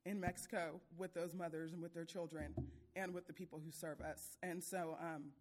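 A woman's voice: lowish voice, flat delivery, normal speed, a little mellow. A woman sharing a church mission trip testimony, emotional and laughing between phrases.

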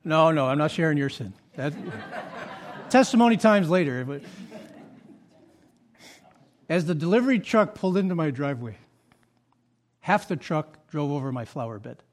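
A man delivering a sermon as pastor, with a fairly high voice for a man. He tells stories animatedly, acting out quotes, and grows soft and low for confessional moments. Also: moderate pace, pauses often. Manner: animated storytelling with acted quotes and asides.

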